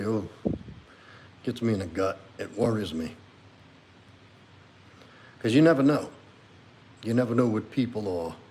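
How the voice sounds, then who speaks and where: A man's voice: fairly low pitch, a little mellow, slight background noise. A man hosting a casual livestream as a men's coach, reading viewer comments aloud and reflecting on them earnestly.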